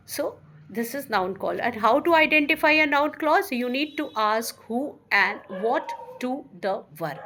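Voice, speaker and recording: A woman teaching an English grammar lesson, reading example sentences slowly and emphatically, with some fillers and restarts. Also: high-pitched, a bit bright, a little hiss or hum.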